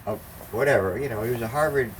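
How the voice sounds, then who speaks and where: Speaking quickly at a medium pitch, this older storyteller rambles through a profanity-laced anecdote in relaxed conversation, voicing each character himself. A faint hum of background noise comes through the distant microphone.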